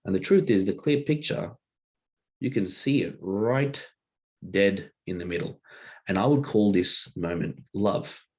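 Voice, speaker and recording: A man's voice: on the low side, expressive, a little slow, darkish tone. A man giving a casual teaching talk as a workshop presenter, loose and conversational, with many rhetorical checks, drawing a diagram as he explains.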